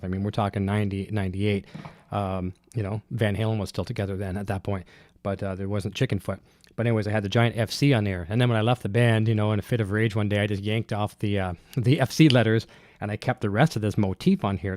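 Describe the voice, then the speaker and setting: A man with a cold hosts a guitar gear livestream from his home studio, breathing heavily and chatting loosely while reading viewer comments. His voice is fairly low and darkish, rambling with many fillers and restarts. He's close on a dynamic broadcast mic, with no room sound.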